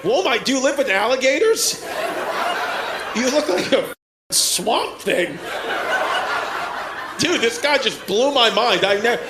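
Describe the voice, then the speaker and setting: A man's voice: very high voice, lively intonation, slow, long pauses. A man doing stand-up crowd work, brash and profane, laughing at his own jokes. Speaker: stand-up comedian. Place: comedy club stage before a laughing crowd. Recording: club mic with loud crowd laughter and room noise.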